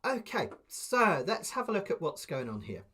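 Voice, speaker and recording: A man teaching a live online ukulele lesson, patiently explaining step by step and counting beats aloud softly. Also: high-pitched, huge pitch swings, normal speed, breathy edge.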